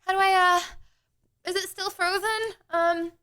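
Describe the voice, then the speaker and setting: A young woman with a high voice streams from home, chatting on a desk mic. She talks slowly, drawn out and unhurried, then breaks into flustered exclamations and laughter over her tech troubles. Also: level tone, background noise. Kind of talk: casual live-stream chat.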